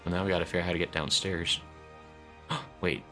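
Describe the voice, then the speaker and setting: A man's voice: low-pitched, steady tone, a little fast, sharp tone, faint music behind. A man streaming a game, chatting casually and reading chat messages aloud. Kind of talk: casual live-stream commentary.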